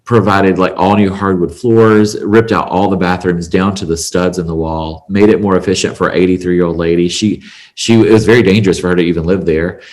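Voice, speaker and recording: Male podcast guest, salon owner; very low voice, earnest and chatty. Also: fairly even intonation, brisk. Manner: earnest, emotional, chatty with fillers. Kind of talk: conversational storytelling.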